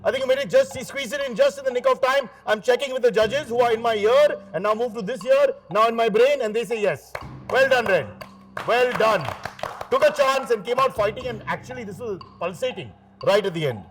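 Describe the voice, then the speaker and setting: A man's voice: very high-pitched, expressive, brisk, fairly bright tone, slight background noise. A man hosting a quiz show, teasing the teams with joking asides between questions. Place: TV studio.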